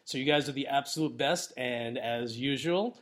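A man's voice: medium pitch, moderate pace, a bit bright. A man, a wedding photographer, talking casually to his listeners in a loose, upbeat way, with many "you know"s and "um"s. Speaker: wedding photographer giving business advice. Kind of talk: casual solo podcast talk.

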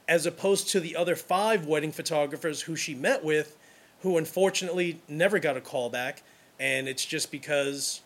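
A man's voice: a little high, moderate pace, fairly bright tone. A wedding photographer from Brooklyn, a man talking casually and enthusiastically, rambling with restarts as he gives advice. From Brooklyn, New York.

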